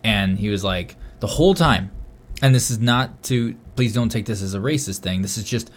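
A man's voice: lowish voice, moderate pace. A man co-hosting a podcast in casual chat, telling rambling, profane stories. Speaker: podcast co-host.

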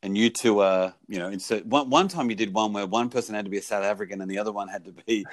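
A man's voice: lowish voice, quick pace, no echo. A man hosting a casual podcast chat, wry and joking. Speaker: podcast host.

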